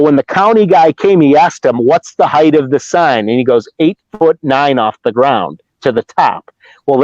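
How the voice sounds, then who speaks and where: A middle-aged man from Ohio, appearing as a Bigfoot researcher guest, tells a story in a casual, rambling way, with restarts and acted-out quotes. His voice is a little high and darkish, heard through dull, lo-fi, dry remote audio with no echo.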